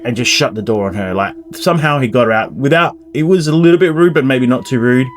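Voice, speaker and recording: A man's voice: medium pitch, normal speed. A man telling a spooky myth in a casual, rambling way, with asides and restarts. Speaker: storyteller, channel host. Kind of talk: casual spoken storytelling of a myth.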